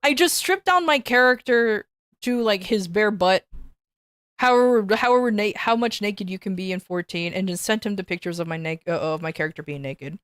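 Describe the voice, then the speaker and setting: A woman's voice: medium pitch, smooth, no room sound. Woman streamer with a dry, close sound. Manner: animated, quick restarts and repeated words. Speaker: VTuber streamer. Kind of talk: casual storytelling to a stream.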